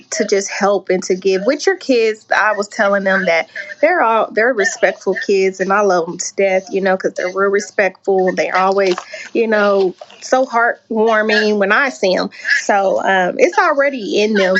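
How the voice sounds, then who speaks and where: A woman's voice: medium pitch, highs cut off, slight background noise. A woman hosting a casual live-stream interview, chatty and encouraging, often restarting her sentences.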